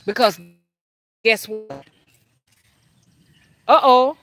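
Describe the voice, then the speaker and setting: A woman hosting a spiritual livestream from home on her phone, keeping her voice low and greeting viewers one by one by name. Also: lively intonation, measured pace, pauses often, fairly bright tone, a little hiss or hum. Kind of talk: casual livestream chat with viewers.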